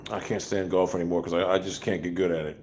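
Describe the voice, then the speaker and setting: A man's voice: low voice, level tone, quick pace, a little mellow, a little hiss or hum. A man hosting a casual livestream, ranting bluntly with profanity and rambling asides. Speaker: livestream host.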